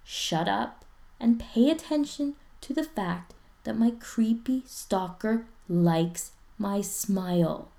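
Woman reading a gruff teen boy, blunt and irritable, low gravelly voice, audiobook. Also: slow pace, a little mellow. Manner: blunt, swearing.

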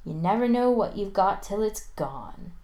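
A woman voicing a brisk, teasing middle-aged mother in an audiobook, her voice raised and dry. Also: mid-range voice, lively intonation, mellow, pitched above the performer's own voice. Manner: dry, teasing, mock-stern.

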